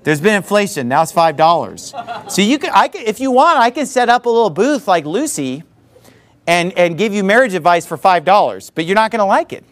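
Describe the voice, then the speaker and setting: Animated man preaching a sermon. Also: sits high, fairly quick. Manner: conversational, animated storytelling with frequent asides. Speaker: pastor.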